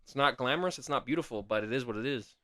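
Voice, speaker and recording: A man's voice: mid-range voice, fast talker, fairly bright tone, no room sound, clean studio sound. A man co-hosting a casual podcast chat, arguing his point with his voice jumping up whenever he protests. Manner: argumentative, voice jumps up when protesting. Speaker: podcast co-host.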